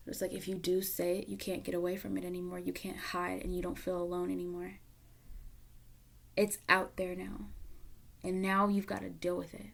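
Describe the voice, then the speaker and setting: A woman's voice: lowish voice, monotone, moderate pace, vocal fry. A woman giving a casual tarot reading to camera, candid and emotional, dropping at times into a near whisper. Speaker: tarot reader.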